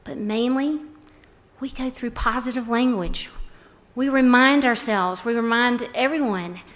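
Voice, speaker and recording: A woman's voice: fairly high pitch, unhurried. A middle-aged woman giving a prepared talk, telling stories and acting out the quoted lines. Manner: warm, storytelling, acts out quotes. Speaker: speaker on a respite care program.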